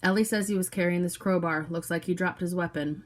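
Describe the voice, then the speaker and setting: A woman's voice: fairly low pitch, steady tone, fairly quick, natural voice. A woman doing a kind, commanding young cop. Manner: short firm commands. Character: calm male search-and-rescue police officer, kind and commanding.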